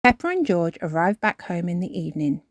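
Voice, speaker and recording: A woman reading a children's storybook aloud in a slow, expressive way. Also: on the low side, no room sound, studio quality.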